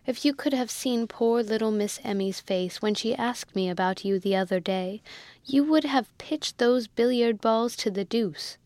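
A woman reading the part of a good-natured, loyal male army captain in an audiobook, earnest and gently reproachful. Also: a little high, a little slow, dry recording, lightly acted. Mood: kindly.

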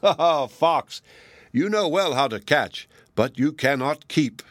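A man's voice: mid-range voice, animated, moderate pace, a bit bright, no room sound, clean studio sound, natural voice. A man voicing a clever male crow in a storybook, politely pleading and then mocking. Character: clever male crow, cool-headed trickster.

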